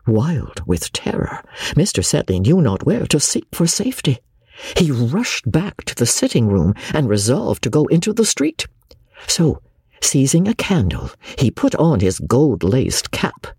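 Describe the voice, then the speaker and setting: A man narrating a classic novel as an audiobook, reading in an expressive storyteller's manner. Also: mid-range voice, a little slow, breathy edge, no echo, clean studio sound.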